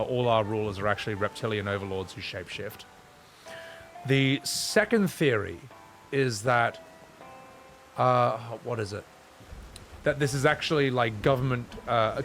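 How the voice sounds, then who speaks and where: Gravelly man rambling on a game stream. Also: fairly low pitch, a bit bright, slight background noise. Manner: casual, rambling and profane. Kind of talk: gaming stream commentary.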